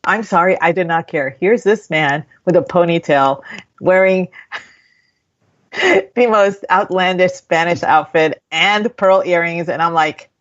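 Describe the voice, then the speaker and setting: A woman's voice: lowish voice, a little slow. A woman co-hosting a casual radio chat, telling a movie story in a rambling, chatty way. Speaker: radio co-host. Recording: dull lo-fi radio audio.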